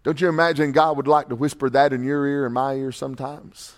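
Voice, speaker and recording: A man preaching a sermon as pastor, swinging from loud, emphatic lines to hushed ones. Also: medium pitch, steady tone, a little fast, hardly any pauses.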